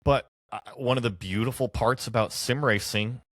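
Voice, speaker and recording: Man, motorsport commentator, easygoing, upbeat podcast chat, middle pitch, dry sound. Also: normal speed, dry recording.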